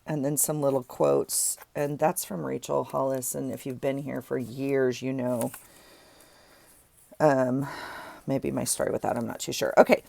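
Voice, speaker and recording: Deep, gravelly and darkish in tone, with no room sound, this woman's voice belongs to a vlogger tidying her desk. She rambles casually about her journaling supplies, chatty and prone to self-correction.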